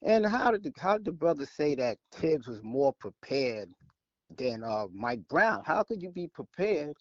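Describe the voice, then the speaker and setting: An animated man from Brooklyn, calling in to a sports show. His pitch swings lively and a little high as he repeats his points, and his call line sounds dull and lo-fi. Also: measured pace, no room sound. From Brooklyn, New York. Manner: animated, repeats himself, laughs as he talks. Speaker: caller.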